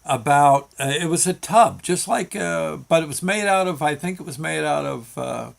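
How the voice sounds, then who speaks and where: A man hosting his own show, telling a long work story in a halting, folksy way with many fillers and restarts. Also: a little high, expressive, creaky. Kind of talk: rambling spoken storytelling.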